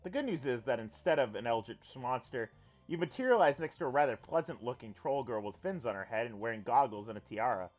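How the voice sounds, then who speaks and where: A man playing a visual novel on stream, reading its text aloud and reacting in an animated, excitable way, swearing freely. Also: mid-range voice, fairly quick, faint music behind. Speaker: let's player.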